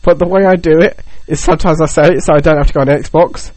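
A man's voice: on the high side, steady tone, fast talker, darkish tone, no room sound, poor audio. A young man co-hosting a podcast, chatting casually and joking with lots of fillers. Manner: rambling and joking, with many fillers. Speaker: podcast co-host. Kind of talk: casual chat.

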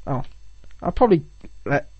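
A man's voice: fairly high pitch, big pitch swings, moderate pace, husky, no echo, highs cut off. A young man in casual chat, joking and acting out silly bits. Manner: playful, jokey, acts out silly bits.

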